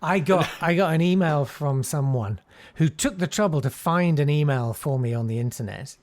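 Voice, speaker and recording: A man's voice: fairly high pitch, normal speed, a little mellow. A middle-aged man from Southeast London with a friendly, posh-sounding voice, chatting as a comedian guest and telling stories with self-deprecating humour. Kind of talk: casual interview chat.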